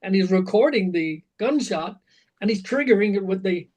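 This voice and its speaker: A man, a rock singer being interviewed, telling animated anecdotes full of fillers and restarts. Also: high-pitched, normal speed, low-quality recording. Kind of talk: casual interview storytelling.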